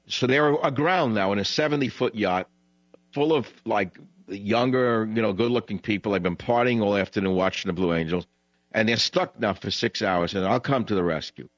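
A man hosting a call-in radio show, telling a long rambling anecdote in a blunt, digressive way, his voice jumping high when he retells what others said. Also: normal speed, no room sound, muffled recording. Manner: blunt, digressive, frequent "blah, blah, blah". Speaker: radio talk show host.

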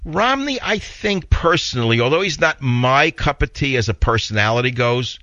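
A man's voice: mid-range voice, moderate pace, pushed and bright, no room sound, lo-fi sound. A man with a heavy New York accent hosting a talk radio show, opinionated and rambling in a blunt monologue.

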